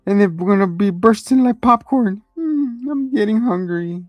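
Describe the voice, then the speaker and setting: A man voicing a menacing male killer clown, taunting in a high sneering voice. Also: lively intonation, unhurried, no room sound, faint music behind. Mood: hungry menace.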